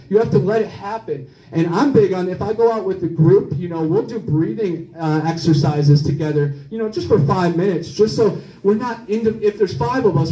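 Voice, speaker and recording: An earnest man with a high, mellow voice speaks thoughtfully on a conference panel, a little rambling. He is heard from a distance in an echoey room. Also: muffled recording. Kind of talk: reflective panel talk. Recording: echoey room, far from mic.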